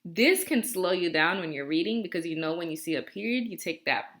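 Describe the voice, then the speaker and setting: Her voice fairly low, expressive and a little bright, a woman records a first-grade lesson on video. She keeps her speech slow, clear and encouraging, lingering on repeat-after-me phrases.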